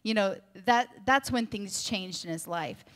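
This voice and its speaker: A woman's voice: medium pitch, unhurried. Chatty woman preaching with a laugh. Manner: chatty, laughs easily, candid. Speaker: pastor. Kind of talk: conversational sermon.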